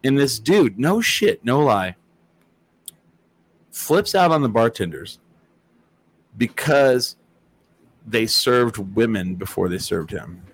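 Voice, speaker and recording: A man hosting a casual chat. He tells stories in a lively, profane way and acts out what people said. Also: mid-range voice, slow, long pauses, breathy edge. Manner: animated, profane storytelling with acted-out quotes. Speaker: host.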